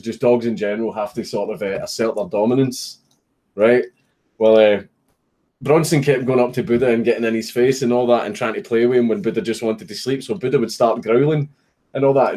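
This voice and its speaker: A man's voice: mid-range voice, a little mellow. Swearing Scottish man telling stories. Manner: swears often, laughs through his stories. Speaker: streamer. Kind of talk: casual livestream chat. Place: home, at a computer, with a puppy. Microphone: desk microphone.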